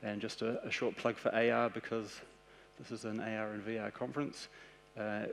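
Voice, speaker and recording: A man with a New Zealand accent giving a conference presentation, explaining ideas in a steady, practical way. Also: lowish voice, normal speed, vocal fry, a little hiss or hum. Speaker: conference speaker. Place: large conference hall. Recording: echoey conference hall.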